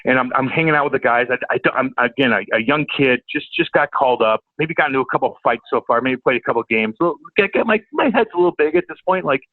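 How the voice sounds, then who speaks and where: Swearing storyteller on a tinny line. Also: male voice, medium pitch, expressive, fast, hardly any pauses, no room sound. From St. Louis, USA. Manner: profane, rambling, stammering repeats. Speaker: podcast guest, former hockey enforcer. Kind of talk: casual chat, storytelling. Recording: tinny phone-like line, dry.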